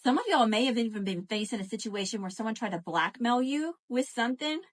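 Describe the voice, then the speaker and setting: Brief: woman tarot reader, slightly high voice, lively and profane, chats to viewers live. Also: fairly quick. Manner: animated, profane, addresses viewers as y'all.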